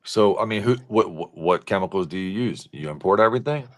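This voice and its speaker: A man's voice: sits low, animated, fairly quick. A man co-hosting a podcast, chatting loosely in slangy banter. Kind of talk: casual podcast chat.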